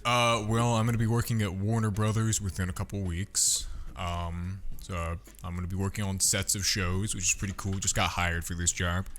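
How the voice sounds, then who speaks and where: A man's voice: low voice, level tone, normal speed, few pauses, a bit bright. A young man talking casually as a podcast guest, brash, boastful and full of swearing. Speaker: podcast guest, content creator.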